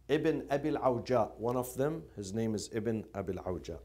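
A man's voice: medium pitch, animated, normal speed, a little mellow. A man giving an impassioned religious lecture, repeating phrases for emphasis. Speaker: lecturer on Quranic studies.

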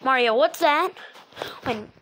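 A woman voicing several characters in an animated comedy skit with toys. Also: high voice, slow, background noise. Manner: animated, switches between many character voices. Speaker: creator voicing toy characters.

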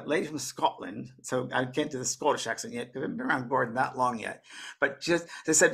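Gravelly, husky man rambling casually. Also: medium pitch, pushed and bright. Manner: rambling, with frequent restarts and repeated words. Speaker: spiritual medium guest. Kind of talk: casual conversational talk.

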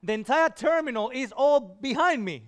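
A man preaching a sermon, telling a personal story in an animated way and acting out the voices he quotes. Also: very high-pitched, moderate pace.

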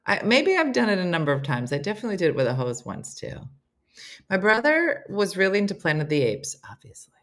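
A woman's voice: lowish voice, wildly swooping pitch, quick pace, a bit bright. A woman hosting a comedy morning show, reading listener stories aloud with playful banter.

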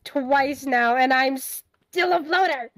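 A woman's voice: high-pitched, slow, crowd noise. A woman chatting while gaming, exasperated and repeating herself. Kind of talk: casual gaming chat.

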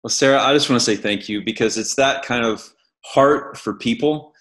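A man interviewing a guest in an online church service, speaking in a warm, encouraging way. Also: mid-range voice, normal speed.

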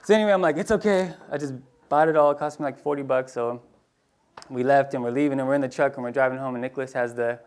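A man preaching in a casual storytelling way, acting out voices in his anecdotes and dropping to a hushed tone for tender moments. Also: mid-range voice, fast talker. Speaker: pastor. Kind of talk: storytelling sermon.

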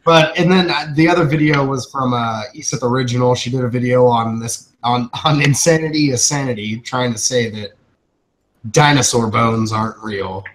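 A man with a Texan accent chatting on a podcast, profane and animated. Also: mid-range voice, moderate pace. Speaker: podcast co-host. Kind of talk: casual chat.

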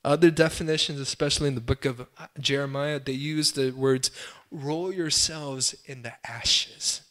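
A young adult pastor preaches with impassioned swells and pleading cries, then falls into quiet, self-deprecating asides. His voice is mid-range and his speed normal.

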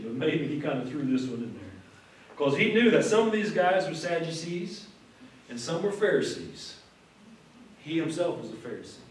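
A man's voice: mid-range voice, a little hiss or hum. A man preaching a sermon as pastor, conversational, repeating words and acting out the people he quotes with rising emphasis. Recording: echoey room from far off.

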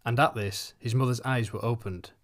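A man narrating a short story for an audiobook in an even, unhurried reading. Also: mid-range voice. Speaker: audiobook reader.

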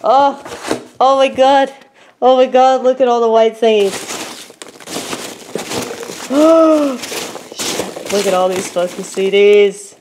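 Woman, giddy and excitable, swears a lot, casual phone vlog, faint hiss behind. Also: fairly high pitch, normal speed. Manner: giddy, excitable, swears freely, repeats herself. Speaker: vlogger. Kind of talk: casual unboxing chat.

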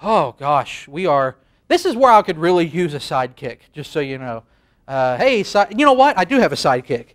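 High-voiced man rambling comic monologue. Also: very animated, moderate pace, a bit bright. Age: 30s. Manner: rambling, self-deprecating, laughs at own jokes. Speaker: late-night show host. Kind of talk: comedic monologue. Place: studio. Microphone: facing a camera.

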